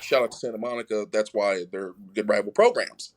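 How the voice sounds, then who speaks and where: A man's voice: on the low side, a little fast. A man telling a story in casual conversation as a podcast guest, acting out the voices of people he quotes. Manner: animated, acts out quoted voices.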